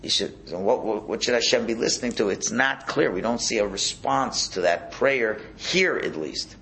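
A man's voice: on the low side, moderate pace, a bit bright. A man teaching a Torah class as a rabbi, talking in a conversational way and asking the room rhetorical questions.

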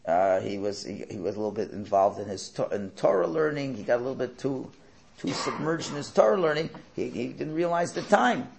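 Lively, gravelly-voiced man teaching. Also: mid-range voice, a little fast, slight background noise. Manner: asks rhetorical questions and answers them. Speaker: Torah class teacher. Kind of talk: lecture with storytelling.

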